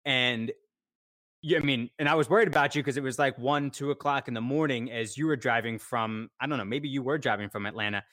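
A man hosting a relaxed interview, drifting through an anecdote and correcting himself along the way. His voice sits in a middle range, recorded dry and close. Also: medium pitch, a little fast, no room sound. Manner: rambling, self-correcting anecdote. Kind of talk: casual interview chat.

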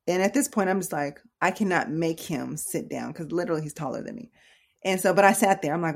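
A middle-aged woman nurse shares a story in a relaxed, chatty manner. She gets animated and acts out the voices of the people in it. Her voice sits a bit low for a woman. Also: fast talker, slightly rough. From United States. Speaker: nurse educator. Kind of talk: casual storytelling talk.

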